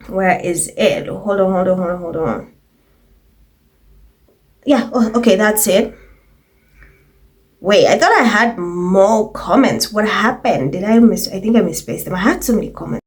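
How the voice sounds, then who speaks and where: A woman from Africa hosting a casual commentary channel, reading viewer comments aloud in a chatty, mocking way and often laughing between them. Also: mid-range voice.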